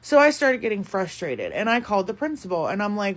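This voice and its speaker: A woman in her thirties talks through a long personal story in a casual monologue. She sounds frustrated and keeps the thread going with lots of "like" and "you know." Her pitch sits in the middle range. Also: big pitch swings, a little fast, hardly any pauses. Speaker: parent telling a story.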